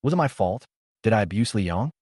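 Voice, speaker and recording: A man's voice: fairly low pitch, animated, fast, a little mellow, breathy edge, no echo, studio quality. A man voicing an anxious, earnest young woman who pleads with her parents. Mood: pleading. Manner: pleading, urgent, trembling.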